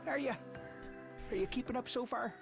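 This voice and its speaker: A man's voice: very high voice, moderate pace, creaky, breathy edge, soft background music, heavily acted. A man voicing a weary old man telling a war story, slipping into laughter as he reads. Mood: storytelling. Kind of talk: game dialogue read-aloud.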